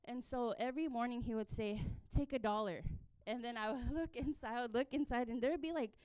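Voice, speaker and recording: Young woman giving a church testimony, very smooth clear tone, dry close sound, lots of ums. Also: a little high, fairly even intonation, fast talker, darkish tone, no echo. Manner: storytelling with many fillers and laughs. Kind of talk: personal testimony at a church service.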